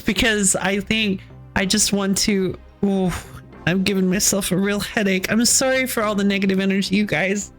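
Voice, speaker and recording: A woman's voice: medium pitch, creaky, a bit bright. A woman streamer chatting casually while playing, ranting with frequent laughs and sighs. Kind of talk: casual game stream chat.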